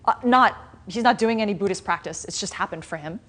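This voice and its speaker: A woman spiritual teacher giving a dharma class, retelling a story in a conversational, animated way with frequent restarts. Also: mid-range voice, a little fast. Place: class in a meditation center.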